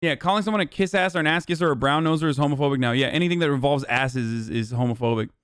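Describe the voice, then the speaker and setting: A man's voice: fairly high pitch, racing, fairly bright tone, clean tone, dry recording, studio quality. A man in his thirties streaming live, reading his chat aloud and answering it with sarcastic, profane mock outrage.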